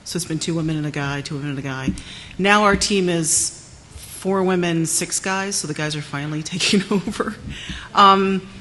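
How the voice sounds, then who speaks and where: A woman systems administrator answering on a conference panel in a wry, unhurried way. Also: lowish voice, fairly bright tone, slight background noise.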